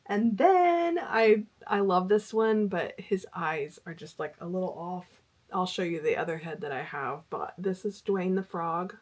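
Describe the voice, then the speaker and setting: Middle-aged woman crochet vlogger, husky and low-pitched, rambling and chatty. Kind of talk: casual chat.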